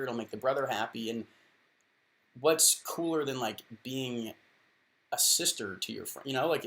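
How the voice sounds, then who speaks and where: Gravelly man giving rambling advice. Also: medium pitch, fairly bright tone. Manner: rambling, self-deprecating, lots of "like" and restarts. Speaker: advice column host. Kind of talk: casual advice talk to camera.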